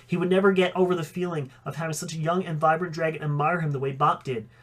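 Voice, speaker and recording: A man's voice: a little high, steady tone, fast talker. A man reading a fan story aloud, with occasional slips that he corrects. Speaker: audiobook reader.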